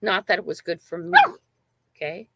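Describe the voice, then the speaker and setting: Older woman host, gravelly, dry close sound, rambling emphatic storyteller. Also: fairly low pitch, moderate pace, pushed and bright, no echo. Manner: rambling, emphatic, frequent "right?" and "okay?". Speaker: channel host. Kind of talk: casual livestream storytelling.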